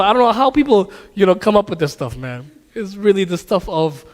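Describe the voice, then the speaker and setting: A man teaching a casual religious class at a mosque, telling stories with laughs and animated asides. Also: high-pitched, fairly quick. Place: mosque hall. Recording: hall reverb.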